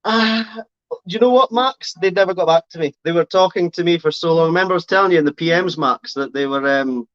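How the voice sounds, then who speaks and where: A man's voice: a little high, fast talker, a bit bright, dry recording, dull audio. A man chatting casually on a live stream, rambling and correcting himself as he answers comments. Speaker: reptile keeper streaming live.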